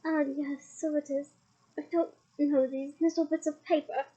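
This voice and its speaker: A woman's voice: high-pitched, level tone, normal speed, natural voice, low-quality recording. A woman voicing a cheerful, easily flustered middle-aged male wizard in a storybook reading. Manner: bright but flustered.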